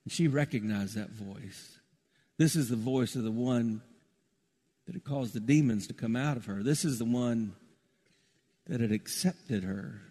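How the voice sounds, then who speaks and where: A middle-aged male pastor preaching a sermon, soaring high and loud, then dropping to hushed, tender lows. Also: a little slow, pauses often. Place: church sanctuary. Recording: reverberant church hall.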